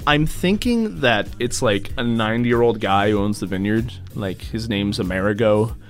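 A man's voice: lowish voice, lively intonation, normal speed, faint music behind. A man co-hosting a podcast in casual chat, playful and laughing as he spins silly stories. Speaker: podcast co-host.

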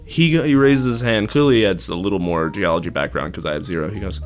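A man's voice: low-pitched, quick pace, few pauses, faint music behind. A young man on a casual podcast, telling a self-mocking story with voiced asides and frequent laughs. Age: young adult. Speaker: podcast co-host. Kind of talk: casual chat.

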